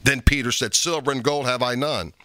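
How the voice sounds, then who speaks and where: Forceful, bright-voiced male preacher. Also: medium pitch, fairly even intonation, brisk, no room sound. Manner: emphatic preaching with sharp rises on repeated phrases; reads scripture aloud in old-fashioned wording. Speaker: pastor. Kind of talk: sermon.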